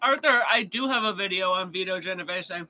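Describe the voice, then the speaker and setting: A man's voice: high-pitched, fairly quick, pushed and bright, rough recording. A man chatting casually on a true crime stream, answering chat in a blunt, profane rant.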